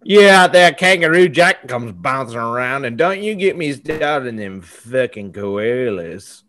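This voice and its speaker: A man's voice: mid-range voice, animated, unhurried, sharp tone. A young man co-hosting a comedy podcast, riffing into profane mock rants with sudden yelped outbursts. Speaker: podcast co-host. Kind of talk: casual comedic chat.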